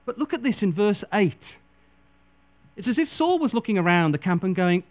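Man preacher, animated and dramatic, fairly high voice, lo-fi recording with mains hum. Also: moderate pace. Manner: dramatic, voices quoted figures with big swings in pitch and loudness. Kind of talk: sermon.

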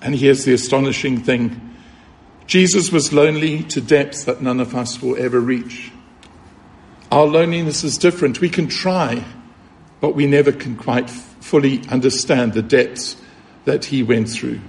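A man's voice: mid-range voice, normal speed, darkish tone. A man preaching a sermon, earnest and emphatic, repeating key points and asking rhetorical questions.

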